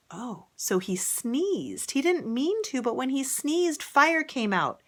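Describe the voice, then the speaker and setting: A woman reading a picture book aloud to children, gently, with whispered asides and questions. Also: sits high, very animated, slow, few pauses. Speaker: storybook reader.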